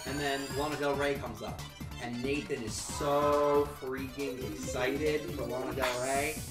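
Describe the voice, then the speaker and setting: A man's voice: mid-range voice, flat delivery, unhurried, recorded from a distance. A young man casually rambling through an anecdote as a co-commentator on a game video. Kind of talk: casual storytelling chat. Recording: echoey, off-mic with game music.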